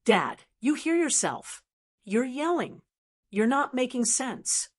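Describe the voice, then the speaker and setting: A woman's voice: high-pitched, big pitch swings, slow pace, pitched above the performer's own voice, heavily acted. A woman reading the lines of a manipulative adult son who speaks in a cooing, condescending way.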